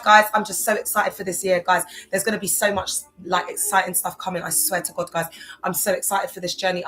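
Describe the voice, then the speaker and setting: A woman's voice: on the low side, a bit bright, poor audio. A woman in her thirties, unwell, chatting loosely on a live stream about faith, with many fillers. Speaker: livestream host.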